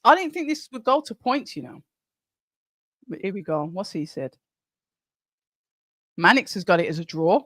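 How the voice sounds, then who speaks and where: Recorded at studio quality with no echo, a high-pitched man runs a live watch-along of a boxing match. He calls the rounds excitably, naming punches rapidly, and chats with viewers between rounds.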